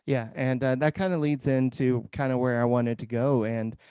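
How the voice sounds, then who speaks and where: A man co-hosting a casual sports podcast, talking in a relaxed way with many fillers. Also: medium pitch, normal speed, clean tone, no room sound, lo-fi sound. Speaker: podcast co-host.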